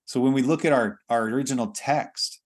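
A man's voice: medium pitch, a little fast. A man preaching a sermon in a conversational way, often restarting phrases and filling with "you know".

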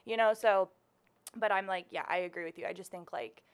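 A woman's voice: mid-range voice, a little fast, clear, resonant tone, no echo. A woman in her twenties co-hosting a faith podcast, talking casually with lots of fillers. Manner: chatty, lots of fillers, laughs easily. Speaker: podcast co-host. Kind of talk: casual chat.

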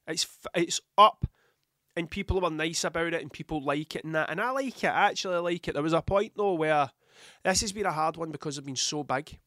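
A Scottish man talks in a loose, rambling monologue, full of blunt swearing and thick with a cold that sets him coughing. His voice sits a little high for a man. The recording is dry and close, with no room sound. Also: a bit bright, no room sound. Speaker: podcast host. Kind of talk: casual monologue.

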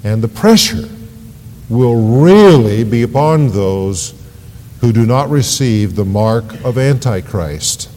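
A man's voice: mid-range voice, expressive, slow, a little mellow. Man preaching in a reverberant church. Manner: preaching with rising emphasis on scripture readings. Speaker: pastor. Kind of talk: sermon. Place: church sanctuary. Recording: long hall reverb, church sanctuary.

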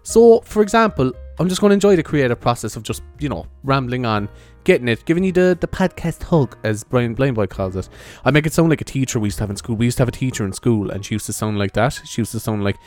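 A man's voice: mid-range voice, lively intonation, fast, darkish tone, faint music behind. A young man with an Irish accent hosting his own podcast in a casual, rambling monologue, swearing and laughing at his own jokes. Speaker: podcast host.

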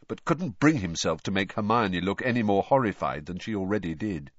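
A man narrating an audiobook with expressive storytelling, on a dull lo-fi recording. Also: on the low side, fairly quick, hardly any pauses, no echo. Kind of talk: audiobook reading.

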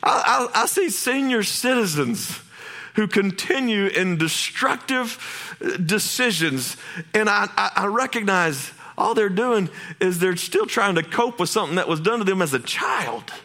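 A man's voice: sits high, animated, measured pace, pushed and bright. A man, preaching a passionate sermon as pastor, with folksy asides and many restarts.

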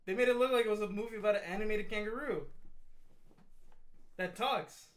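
A man's voice: high-pitched, a little fast. A man chatting casually as a podcast co-host, blunt and emphatic, with frequent swearing. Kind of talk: casual chat.

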